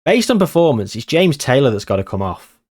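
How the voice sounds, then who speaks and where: Excitable man with lively pitch. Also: a little fast. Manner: excitable, nervous, reacting loudly to match moments. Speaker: gaming channel host. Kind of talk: live gameplay commentary.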